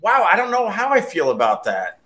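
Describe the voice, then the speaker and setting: A man hosts a loose, casual chat at a bar. His voice sits on the high side, and he jokes, rambles and laughs easily. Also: huge pitch swings, sharp tone. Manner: jokey, rambling, quick to laugh. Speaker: show host. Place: bar in New York City.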